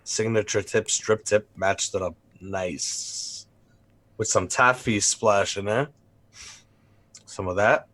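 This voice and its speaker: Male co-host, low-pitched and hoarse with a cold, easygoing and joking, dry close recording. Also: takes it slowly, long pauses, fairly bright tone, dry recording. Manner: laid-back, joking. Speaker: show co-host. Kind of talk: casual live-stream chat.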